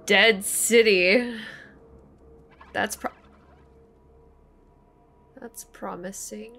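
A young woman hosting a let's play, excitable and gasping, cooing over the game's cat. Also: mid-range voice, very slow, vocal fry, slight background noise. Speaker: gaming channel host. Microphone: desk condenser microphone.

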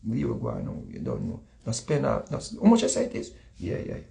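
A man's voice: fairly low pitch, a little fast, gravelly. A man with a Jamaican accent telling stories in casual chat. He repeats himself and acts out the people he quotes. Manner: animated, repetitive, acts out quotes. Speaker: guest speaker.

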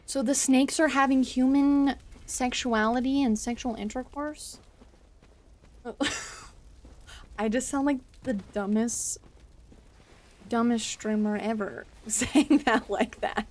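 High-voiced woman streamer reacting to play. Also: slow. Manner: chatty, swears, jumps from loud outbursts to mumbling. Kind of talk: casual gaming commentary.

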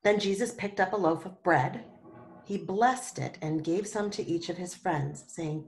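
A woman teaching a Sunday school lesson, telling a Bible story to children and gently asking them questions along the way. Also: lowish voice, a little slow, very noisy.

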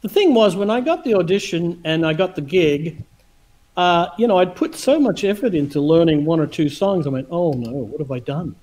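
Animated high-voiced man telling stories. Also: normal speed, rough recording. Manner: animated, laughs often, acts out dialogue. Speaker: guitarist telling a story. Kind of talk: casual storytelling chat. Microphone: video call.

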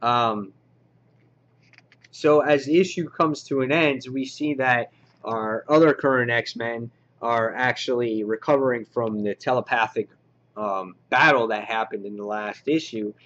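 A man's voice: on the low side, fairly bright tone, highs cut off. A man casually reviewing a comic book, enthusiastic and rambling with lots of filler words.

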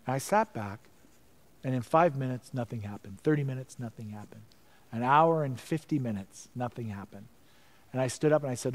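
A middle-aged man preaching a sermon as pastor, telling a story with stammered repeats and dropping to a hushed voice for prayers. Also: mid-range voice, moderate pace.

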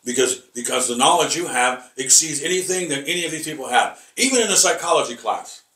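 A man teaching a rambling Bible lesson, halting and repeating words with many fillers, emphatic and combative. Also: fairly high pitch, expressive, sharp tone. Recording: echoey room, voice from far off.

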